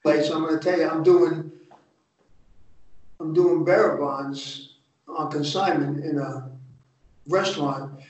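With long pauses and a slow pace, an older North Jersey man, once an undercover agent, recounts stories in a casual interview. His voice is fairly high and a little mellow, with fairly even intonation and a New Jersey accent, and his telling is blunt, profane, and streetwise. The remote recording is distant, echoey, and muffled.

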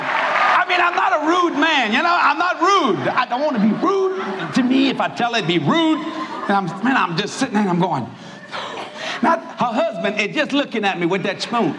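A man with a Cajun accent preaching a comedic sermon, telling stories loudly and often breaking into shouts. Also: very high-pitched, unhurried, a loud crowd, heavy background noise. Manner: animated, loud storytelling with bursts of shouting. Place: church hall before a live audience.

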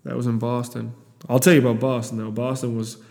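A man's voice: mid-range voice, level tone, brisk, gravelly, warm tone, in a large hall. A young man from Iowa telling a story in a casual, rambling, profane way, with many restarts.

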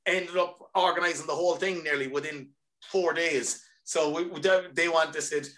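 A man with an Irish accent, a singer chatting as a podcast guest and telling stories with quick asides. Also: on the high side, fairly even intonation, fairly bright tone. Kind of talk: casual chat.

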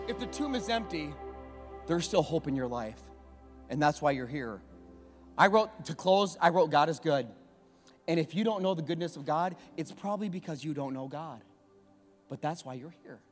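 A man preaching a sermon as pastor, telling a story with passion, repeating phrases and building to shouts. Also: fairly high pitch, expressive, normal speed, long pauses. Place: church sanctuary. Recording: long hall reverb, faint music.

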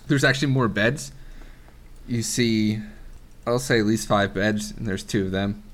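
A man's voice: fairly low pitch, measured pace, a bit bright. A man acting as game master, narrating a tabletop game casually with many restarts. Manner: laid-back, laughing, full of restarts.

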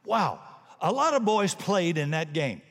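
A man preaching a sermon, telling a story and swinging between hushed moments and shouts. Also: sits high, sing-song, unhurried. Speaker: pastor. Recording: long reverb of a large hall.

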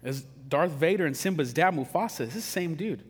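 A man's voice: a little high, lively intonation, normal speed, breathy edge, in a large hall. A man preaching a sermon in a casual, joking, conversational way. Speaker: pastor.

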